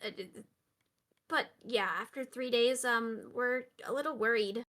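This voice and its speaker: A woman voicing a worried, unseen person talking in hushed, hesitant tones in a hallway. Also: on the high side, normal speed, close to an everyday voice. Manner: hushed, hesitant, filler-heavy.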